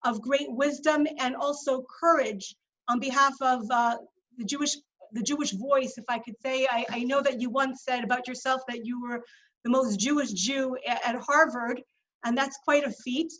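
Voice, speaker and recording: High-voiced woman hosting a video call. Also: fairly even intonation, low-quality recording. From Montreal, Canada. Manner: warm, eager announcements, spells numbers slowly. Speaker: host.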